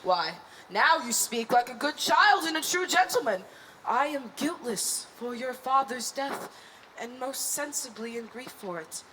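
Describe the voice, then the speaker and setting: A woman acting a calm, persuasive king in a Shakespeare staging, measured and soothing. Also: high-pitched, a little hiss or hum, exaggerated voice.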